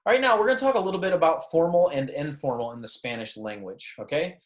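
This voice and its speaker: In a recorded classroom lecture, a male teacher takes beginners through Spanish, repeating phrases, asking "okay?" and "right?" to check on students and tossing in playful asides. He speaks fast in a high-ish voice, and the sound is roomy.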